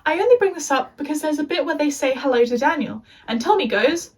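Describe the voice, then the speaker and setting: A woman's voice: high-pitched, lively intonation, fast talker, far from the mic, rough recording. A young English woman recapping a TV show in a casual, chatty rant with sarcastic asides. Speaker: video essayist.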